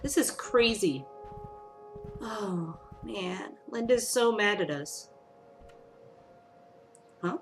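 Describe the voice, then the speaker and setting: A woman gamer talks through a story game at an unhurried pace. Her pitch sits in the ordinary middle range. She reacts with emotional exclamations and reads the game's text aloud between her comments. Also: lively intonation, soft background music. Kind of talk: let's play commentary.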